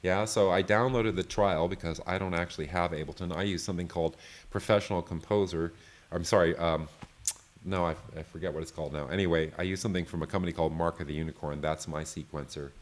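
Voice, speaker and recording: A man giving a live online software tutorial, loose and chatty, often checking in with "right?". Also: low-pitched, steady tone, fast talker. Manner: loose, full of fillers and restarts. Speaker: software creator teaching a session.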